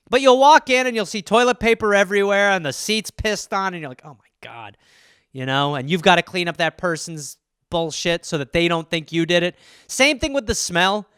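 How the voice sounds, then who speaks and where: A man with a high, bright voice riffs through a solo comedy podcast. He rambles and swears freely, slipping into quick voices to act out little scenes. His tone stays smooth and clear, recorded close and dry. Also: dry recording.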